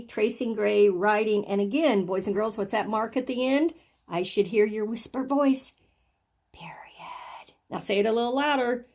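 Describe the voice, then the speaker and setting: Upbeat teacher sounding out words. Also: female voice, a little high, darkish tone. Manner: encouraging, sounds out words slowly and stresses each letter. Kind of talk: phonics and handwriting lesson for young children.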